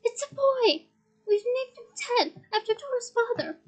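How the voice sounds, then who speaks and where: A woman's voice: very high voice, normal speed, mellow, poor audio. A woman voicing a middle-aged male wizard and new father who exclaims, breathless with happiness. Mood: overjoyed.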